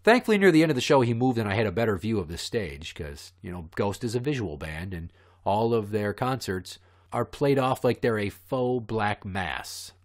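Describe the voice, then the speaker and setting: A man's voice: lowish voice, lively intonation, normal speed. A man hosting a podcast who tells stories in a profane, heated, ranting way. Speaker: podcast host. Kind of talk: ranting storytelling.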